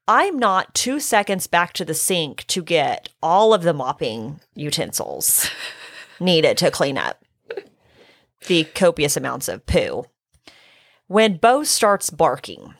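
A middle-aged woman, hoarse from illness, telling a story in casual chat, acting out her own quotes and swearing. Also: low voice, sing-song, slow, no echo, studio quality.

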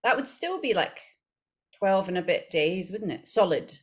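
A woman with a Scottish accent, a voice actor chatting as an interview guest, self-deprecating and quick to laugh, with halting restarts. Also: fairly low pitch, lively intonation, husky. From Scotland. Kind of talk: casual interview chat.

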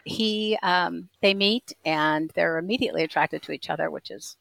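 Woman, middle-aged, low pitch, romance author guest, podcast interview, chatty, ums and self-corrections, dry sound. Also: normal speed, gravelly, fairly bright tone, no echo, low-quality recording.

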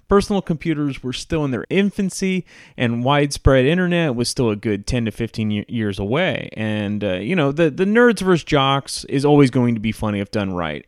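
A man hosting a casual countdown of comedy movies, chatty and relaxed, with frequent fillers. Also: medium pitch, smooth, dry recording, studio quality. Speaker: host.

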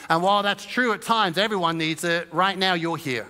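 A pastor preaches in a church, and his voice sits fairly high for a man and rings bright. He talks to the room in a chatty, joking way, slipping into quick imitations of what listeners might think. The sermon carries a long hall reverb. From England. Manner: conversational and humorous, acting out little voices of listeners. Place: church auditorium.

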